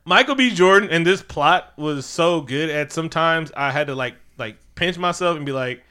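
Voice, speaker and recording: A man with a bright, forceful voice and a smooth, crisp tone, recapping a film in casual chat. He is animated and laughs a lot, jumping into playful voices for the characters. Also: on the high side, moderate pace, hardly any pauses.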